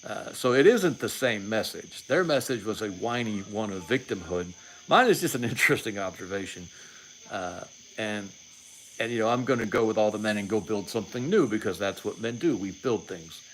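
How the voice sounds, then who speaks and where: A man's voice: on the low side, animated, moderate pace, fairly bright tone, a little hiss or hum, poor audio. A man in his late forties hosting a livestream, talking in a rambling, opinionated way and often restarting his sentences. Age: 40s. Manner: rambling, repeats words and restarts, sarcastic asides. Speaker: livestream host. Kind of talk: casual political commentary.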